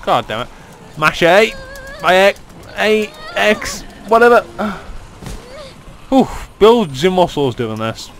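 A man's voice: high-pitched, very animated, slow, pauses often, a bit bright, slight background noise, low-quality recording. A man giving crude, sarcastic, joking commentary while playing a game. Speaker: let's play gamer. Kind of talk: casual gaming commentary.

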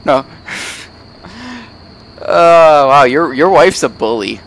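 Playing a game, a man chats casually and teases his friend, joking around and breaking into bits of song. His voice is a little high and slow, with faint background noise in the recording.

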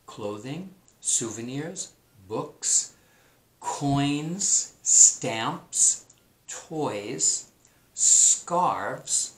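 A man's voice: mid-range voice, animated, unhurried, pauses often, a bit bright. A man teaching a remote class, talking in a chatty, enthusiastic way and drawing out words for emphasis. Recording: roomy echo, faint noise.

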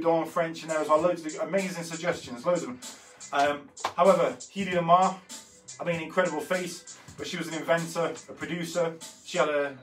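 A man's voice: fairly high pitch, fairly bright tone. A man in his thirties hosting an art workshop, chatting loosely through his pictures with many fillers and self-corrections. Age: 30s. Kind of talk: casual walkthrough of artwork. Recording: slightly distant mic with faint music behind.

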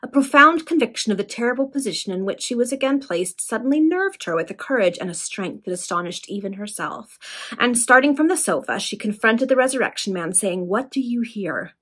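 A woman reading a Victorian serial aloud to friends in a relaxed, casual way, with fillers and quick recaps. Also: on the high side. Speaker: reader.

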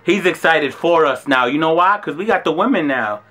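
A man in his twenties with a New York accent, telling a story in an animated, slangy and profane way. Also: on the high side, normal speed. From Brooklyn, New York. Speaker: vlogger. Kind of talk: casual storytelling.

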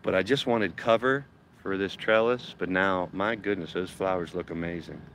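A man's voice: deep voice, steady tone, moderate pace, fairly bright tone, slight background noise, low-quality recording. A man hosting a casual gardening livestream from his backyard, chatting and swearing loosely while reading out viewer comments. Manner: chatty, swears casually, reads chat aloud.

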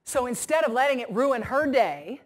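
A woman gives a motivational keynote, her voice sitting a little high. She tells stories from her workshops and acts out the voices of the people in them. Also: moderate pace. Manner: animated storytelling, acts out quoted voices. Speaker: motivational speaker. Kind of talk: keynote talk to an audience.

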